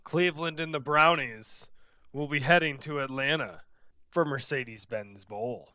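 A man co-hosting a sports podcast with a bright, smooth, clear voice. He delivers his game previews like punchy one-liners with a deadpan edge. The sound is dry and close to the mic. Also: medium pitch, unhurried, no echo. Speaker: podcast co-host. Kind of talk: casual sports podcast banter.

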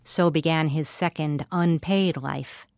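Low-voiced woman reading a remembrance. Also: fairly even intonation, darkish tone, no room sound, studio quality. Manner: measured, literary. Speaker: writer narrating a remembrance. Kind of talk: scripted narration.

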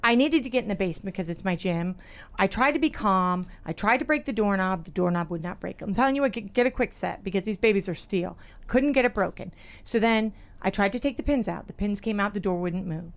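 A middle-aged woman hosting a casual talk show, telling stories with lively acted-out quotes. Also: medium pitch, brisk. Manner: animated storyteller, acts out quotes with big laughs. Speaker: radio show host. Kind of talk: casual chat.

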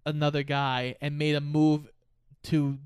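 Chill guy podcast cohost, smooth clear voice, kinda high, dry sound. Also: flat delivery, measured pace, darkish tone, no room sound. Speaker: podcast co-host. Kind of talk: casual movie chat.

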